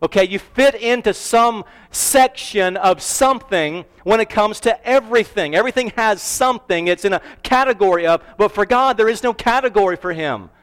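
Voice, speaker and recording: A male pastor preaching a sermon earnestly, slowing down to stress key phrases. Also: high-pitched, fairly bright tone, clear, resonant tone. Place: church sanctuary. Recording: reverberant church hall.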